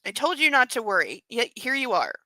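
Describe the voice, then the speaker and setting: A woman's voice: on the high side, very animated, fairly quick, bright, forceful tone, dry recording. A woman voicing a defiant young wife who answers back in clipped, indignant lines.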